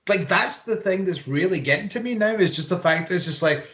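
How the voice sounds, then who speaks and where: A man's voice: high-pitched, expressive, fairly quick, hardly any pauses, fairly bright tone, dull audio. A man co-hosting a casual podcast chat, ranting with plenty of swearing and mocking put-on quotes. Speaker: podcast co-host. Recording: roomy echo.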